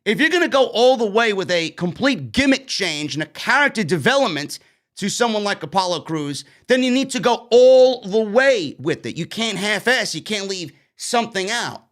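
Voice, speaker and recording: Pitched high with a sing-song lilt and a touch of brightness, a man from New York talks at normal speed while reviewing wrestling on a laid-back live-stream. He summarizes the show, then shares his blunt, chatty verdict.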